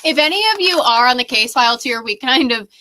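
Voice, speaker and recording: A woman's voice: on the high side, expressive, brisk, sharp tone. A young woman co-hosting a paranormal show, reading a case file aloud in a playful, laughing way. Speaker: co-host, paranormal investigator.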